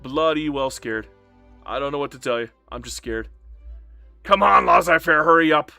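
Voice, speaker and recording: A man with a bright, slightly high voice gives loose, joking live commentary while playing a strategy game. He talks to himself and his chat in a chatty, off-the-cuff way. Faint music plays behind him. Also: moderate pace, gravelly, no echo, studio quality.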